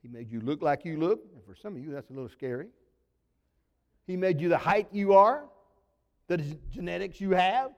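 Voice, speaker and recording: A male pastor preaching in a high, reedy tenor that rings through a reverberant hall. He tells folksy stories in a sermon, punching some words out loud and dropping others to a low murmur. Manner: folksy storytelling, swinging between loud emphasis and sudden low drops. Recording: long reverb of a large hall.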